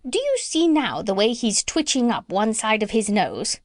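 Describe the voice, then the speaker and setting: A woman voicing a bossy, talkative female parrot in a storybook reading, who chatters and squawks high bird sounds. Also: sing-song, normal speed, no room sound, clean studio sound. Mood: insistent.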